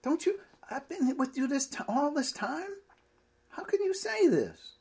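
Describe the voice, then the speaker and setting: Jesus, as a preacher puts him on, exasperated. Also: male voice, extremely high pitch, very animated, a little slow, creaky, a little mellow, voice pushed up, heavily acted. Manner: emphatic, questioning, ad-libbed paraphrase. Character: exasperated male teacher pressing his doubting followers.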